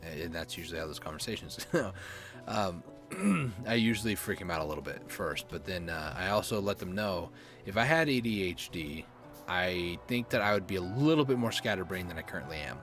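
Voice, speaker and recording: A young man with a sore throat, rambling quietly through late-night gameplay commentary. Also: low-pitched, expressive, a little fast, faint music behind. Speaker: gaming streamer.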